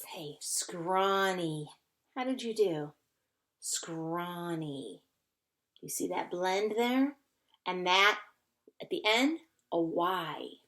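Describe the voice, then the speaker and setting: A woman's voice: fairly low pitch, lively intonation, slow pace, long pauses, fairly bright tone. A woman teacher giving a recorded phonics lesson to children, patiently sounding out and spelling words. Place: indoors at a whiteboard.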